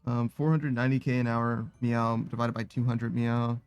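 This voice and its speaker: A tired man reads viewer messages casually during a live stream, closing nearly every sentence with "meow" and laughing and swearing a lot along the way. His voice is medium-pitched and level, with a clean tone and a moderate pace. The sound is lo-fi, without echo.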